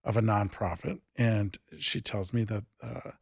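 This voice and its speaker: A man who founded an improv theatre, telling stories in a casual interview and acting out the dialogue with lively jumps in pitch. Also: measured pace, gravelly, husky, dry recording, studio quality. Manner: animated, acts out quoted dialogue with big pitch jumps.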